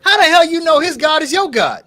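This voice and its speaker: A man's voice: extremely high pitch, fairly quick. A man co-hosting a podcast in casual chat, telling stories with profanity and acting out the quotes. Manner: animated storyteller, profane, acts out quotes. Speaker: podcast co-host.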